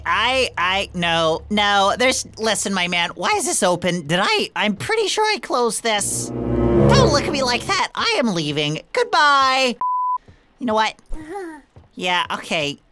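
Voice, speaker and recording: Excitable high-voiced woman gamer. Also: slight background noise. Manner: excitable, jumpy, talks to the game characters. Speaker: gaming channel host. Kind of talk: let's play commentary. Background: game music.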